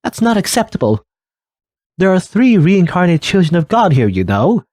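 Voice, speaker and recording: A man's voice: high-pitched, very animated, moderate pace, darkish tone, no room sound, voice pushed up. A man reading as a distraught grieving villager. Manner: anguished, self-blaming.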